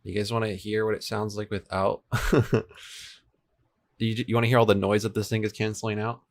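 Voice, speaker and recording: Fairly low in pitch and level in tone, a young man's voice runs a little fast as he livestreams his work on a game server. He's chatty and relaxed, replying to viewers, with an air conditioner running in the home room and two desk mics he switches between.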